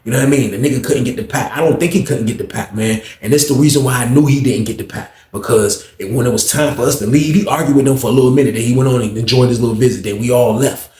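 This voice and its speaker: A man telling a story in a casual, animated way, acting out the people in it. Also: medium pitch, quick pace, hardly any pauses, reverberant. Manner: animated, acts out voices in his stories.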